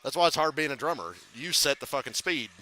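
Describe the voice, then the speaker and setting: Man reacting live to a race, bright sharp voice, rambling, profane and quick to laugh. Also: medium pitch, expressive, poor audio. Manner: profane, rambling, laughs often at his own stories. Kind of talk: casual live reaction commentary.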